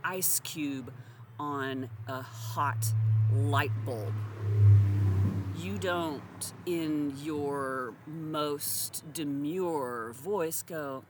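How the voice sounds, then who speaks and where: A woman's voice: deep voice, very slow, background noise. A woman giving a blunt, sarcastic, profane monologue to her audience. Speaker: social commentator. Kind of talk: direct-to-camera monologue.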